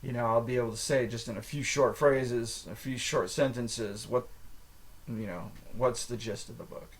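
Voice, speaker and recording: A man's voice: mid-range voice, fairly even intonation, normal speed. An American man hosting his own podcast, talking in a rambling, casual monologue full of fillers and restarts. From United States. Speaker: podcast host.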